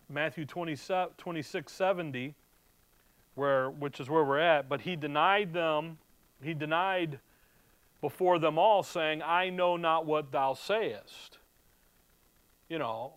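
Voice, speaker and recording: A man's voice: fairly high pitch, measured pace, fairly bright tone, clean tone, dry recording. A man teaching through a Bible passage verse by verse, reading scripture aloud and then explaining it in a casual, chatty way.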